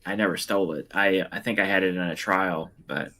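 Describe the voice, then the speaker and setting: Bright, forceful guy, slightly low pitch, joshing gamer banter on a stream. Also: steady tone, brisk, a little hiss or hum. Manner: joking, rambling, self-interrupting. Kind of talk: casual gaming chat.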